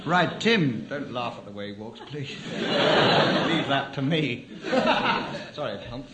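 A man hosting a comedy panel game, announcing rounds in a brisk, dry way. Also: mid-range voice, expressive. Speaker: quiz show host. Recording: very noisy old stage recording.

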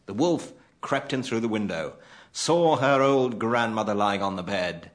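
A man's voice: on the low side, lively intonation, measured pace. A man narrating a fairy tale in a mock-solemn comic storytelling manner before an audience. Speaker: comedy panelist. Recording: noisy old stage recording.

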